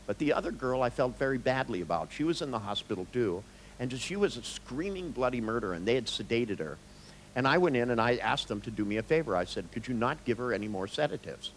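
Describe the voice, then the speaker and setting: A man's voice: medium pitch, big pitch swings, a little fast, a little hiss or hum, low-quality recording. A man, a therapist, giving a live seminar talk, telling stories with jokes and blunt swearing. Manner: joking, storytelling, blunt, with swearing.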